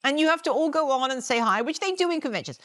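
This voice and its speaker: Woman, 50s, interview guest; expressive, slightly high voice, storytelling with cheeky swearing, dry close sound. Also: quick pace, dry recording. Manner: animated storyteller, swears freely, acts out quotes. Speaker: guest actor. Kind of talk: casual interview chat. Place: live event at a house.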